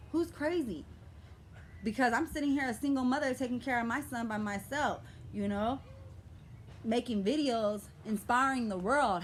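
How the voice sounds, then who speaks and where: A woman's voice: a little high, slight background noise. Passionate, profane young woman venting. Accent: American urban vernacular. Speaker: vlogger. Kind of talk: emotional vlog rant.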